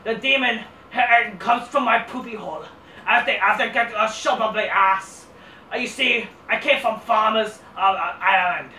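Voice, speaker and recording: A woman's voice: mid-range voice, bright, forceful tone, a little hiss or hum, close to an everyday voice. A woman mocking a rambling brooding wrestler. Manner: halting, rambling, crude. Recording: roomy echo from distant mic.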